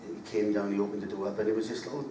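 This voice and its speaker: A man's voice: on the low side, flat delivery, very fast, dark tone, slight background noise. A man, a guest who is a minister and a musician, chatting in a rambling, anecdotal way at a live gathering. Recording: echoey hall, distant mic.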